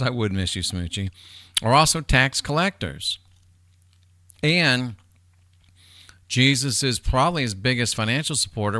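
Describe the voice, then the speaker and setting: A man's voice: medium pitch, sharp tone, no room sound, studio quality. A man hosting a livestream, rambling casually and with profanity as he talks straight to his chat viewers. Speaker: livestream host.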